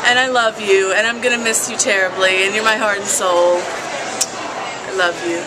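A woman's voice: mid-range voice, fairly even intonation, fairly quick, noisy background. A woman wrestler giving an effusive tribute with a joking aside. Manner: effusive, joking self-correction. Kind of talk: recorded tribute message.

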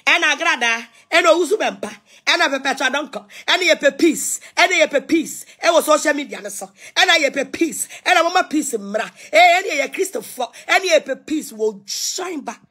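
A woman's voice: sits high, expressive, moderate pace, bright, forceful tone. A middle-aged Ghanaian woman ranting on social media, defiant and scolding, repeating herself as she mixes languages. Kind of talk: ranting live video.

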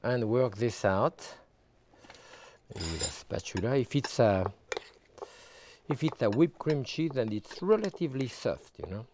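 A man working as a TV chef, walking through a cooking demonstration step by step and adding relaxed asides as he goes. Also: medium pitch, a little slow, pauses often, slight background noise. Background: background music.

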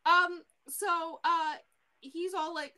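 A woman co-hosting a podcast, casually recapping a book in an animated way, full of fillers and the odd swear. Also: extremely high pitch, slow. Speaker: podcast co-host.

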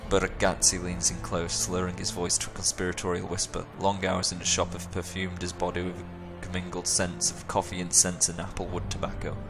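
Low, gravelly man reading game text. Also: monotone, brisk, hardly any pauses, over music. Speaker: let's play host. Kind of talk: reading game narration aloud.

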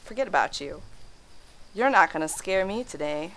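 Her medium-pitched voice is a bit bright, with lively intonation and a moderate pace. She's a young woman gaming at home, narrating a horror game casually, swearing, jumping, shrieking at frights, and laughing them off.

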